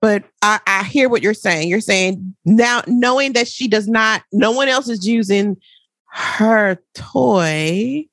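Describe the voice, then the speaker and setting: A woman's voice: mid-range voice, slow, a bit bright, no room sound. A woman moderating a casual panel discussion, politely asking others for their opinions. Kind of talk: casual group chat.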